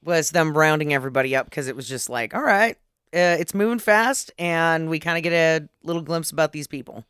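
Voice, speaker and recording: Brief: easygoing female co-host, clear smooth voice, dry sound. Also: deep voice, brisk, hardly any pauses, a bit bright, no room sound. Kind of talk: casual movie chat.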